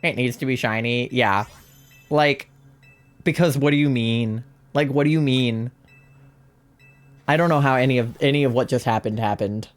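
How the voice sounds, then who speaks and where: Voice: medium pitch, moderate pace, pauses often, faint music behind. A live game streamer chatting casually with viewers while playing, swearing freely and talking straight to chat.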